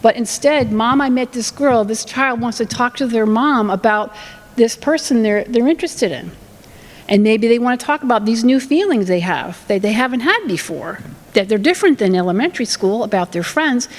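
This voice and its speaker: A woman's voice: a little high, animated, normal speed, big-room sound, poor audio. A woman giving a talk on family communication in a conversational way, acting out what parents and children say. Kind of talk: presentation with acted examples.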